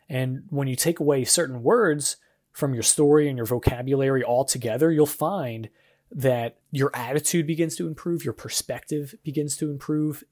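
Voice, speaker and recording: Casting note: young adult male podcast host, mid-pitched, earnest and encouraging devotional chat. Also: darkish tone. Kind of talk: casual devotional podcast monologue.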